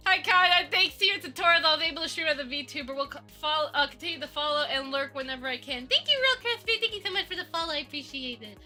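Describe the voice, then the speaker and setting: Bright-voiced woman chatting on a stream. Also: sits high, quick pace, hardly any pauses, faint music behind. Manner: rambling, self-talking, playful. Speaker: streamer and 3D modeler. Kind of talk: casual live-stream chat.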